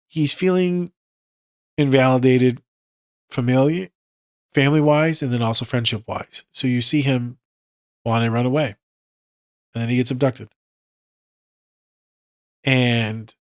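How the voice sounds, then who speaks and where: A man's voice: medium pitch, no room sound, studio quality. A tired man hosting a casual solo podcast as a therapist, talking in a loose, profane, conversational way. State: tired, yawning.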